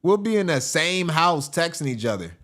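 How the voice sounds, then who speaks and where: Joking, animated male show host. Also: fairly high pitch, normal speed. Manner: joking, animated, often laughing. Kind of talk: casual commentary over video.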